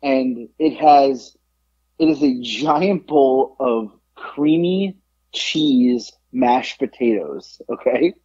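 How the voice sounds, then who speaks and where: A man co-hosting a podcast in casual chat, telling a story with lively acted-out quotes and free swearing. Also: medium pitch, extremely slow, muffled recording. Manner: animated storyteller, acts out quotes, swears freely. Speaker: podcast co-host.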